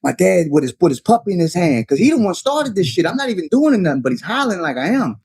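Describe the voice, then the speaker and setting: A man's voice: high-pitched, fast, slightly rough, no room sound, studio quality. A man, telling long stories in casual talk and calling people "son" and "dog" as he goes. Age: 30s. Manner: animated storyteller, slangy, says "son" and "dog" often. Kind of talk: casual storytelling.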